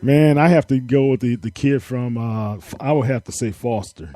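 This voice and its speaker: A man co-hosting a sports talk radio show, easygoing and quick to laugh. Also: mid-range voice, mellow. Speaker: radio co-host.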